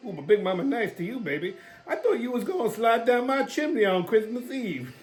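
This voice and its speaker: A man's voice: very high-pitched, very animated, brisk, soft background music. A man doing a bawdy, cooing older woman. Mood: flirty. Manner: coos and teases suggestively.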